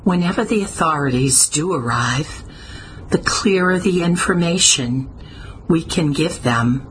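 Woman voicing a brisk older lady. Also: sits low, expressive, slight background noise, poor audio. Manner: brisk, indignant. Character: sharp-tongued older woman. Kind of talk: audiobook character voice.

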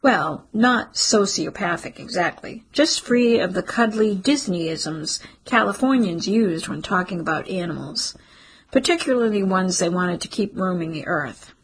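A woman narrating a novel as an audiobook in a wry, even storytelling manner, with a husky, breathy voice. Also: on the low side, a little slow, low-quality recording. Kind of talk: scripted narration.

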